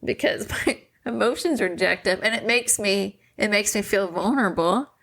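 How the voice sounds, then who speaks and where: Woman, 40s, podcast co-host, gravelly voice, candid and laugh-prone, casual chat. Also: mid-range voice, normal speed. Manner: candid, laughs often, animated retelling.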